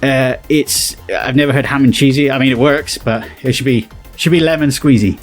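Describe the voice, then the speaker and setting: A man's voice: medium pitch, steady tone, moderate pace, soft background music. A British man giving casual reaction commentary, rambling, chuckling and often correcting himself. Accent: British English. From Britain. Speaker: YouTuber.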